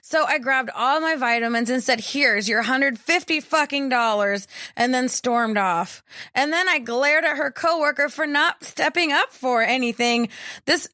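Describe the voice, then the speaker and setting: A woman co-hosting a podcast, retelling a story in a heated, profane, animated way in casual chat. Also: sits high, moderate pace. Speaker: podcast co-host.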